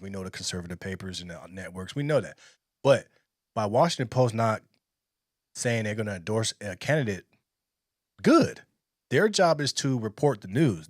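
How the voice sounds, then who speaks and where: A man's voice: fairly low pitch, no room sound, studio quality. A man giving blunt, emphatic commentary in reaction to a video clip. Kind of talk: casual opinion commentary.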